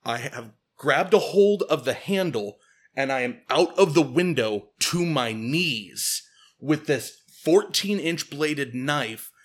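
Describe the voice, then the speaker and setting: A man hosting a podcast, telling a comedic story with growing excitement. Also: a little high, slow. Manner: animated, gets loud and laughing at the climax. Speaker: podcast host.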